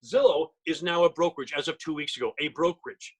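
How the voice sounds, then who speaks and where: Fast-talking husky man pitching a webinar. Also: poor audio. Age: middle-aged. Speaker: real estate trainer. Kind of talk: webinar presentation.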